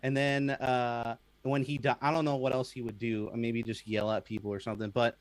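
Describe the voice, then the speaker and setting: A man's voice: mid-range voice, level tone, no room sound. Playful man, dry close sound. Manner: playful, halting, full of fillers. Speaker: podcast guest. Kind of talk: casual gaming chat.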